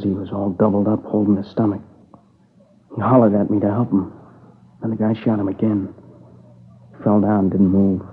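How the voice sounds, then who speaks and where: A man's voice: lowish voice, husky. An actor playing an exhausted, tearful young man who halts and speaks in a subdued voice as he recounts his friend's murder. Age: young adult. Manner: halting, subdued, weary. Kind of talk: dramatic dialogue. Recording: tinny lo-fi old broadcast.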